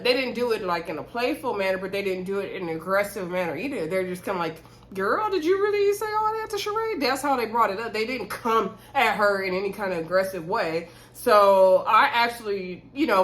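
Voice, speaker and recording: A woman's voice: medium pitch, a bit bright, a little hiss or hum, rough recording. A woman recaps a reality TV episode in a loose, chatty way. She keeps slipping into the voices of the people on the show and calls her audience "y'all" as she talks straight to them. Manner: chatty, retells scenes while acting out the cast's lines; addresses viewers as "y'all". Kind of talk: casual episode recap to camera.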